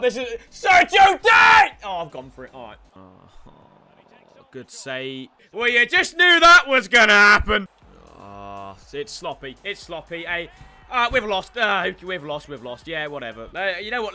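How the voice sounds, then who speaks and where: A man calling his own match live, with a very high, very bright voice that swings widely in pitch. He shouts and groans at every chance and keeps talking to his viewers, with soft music underneath. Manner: excitable, shouts and groans at the game, talks to viewers as "boys". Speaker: gaming YouTuber. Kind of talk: live gameplay commentary.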